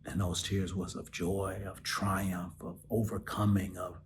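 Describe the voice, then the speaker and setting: Deep-voiced man telling an emotional story. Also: unhurried, noisy background. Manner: animated, emotional, drops to soft near-whispers. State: choked up, close to tears. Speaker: podcast host. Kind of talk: personal storytelling.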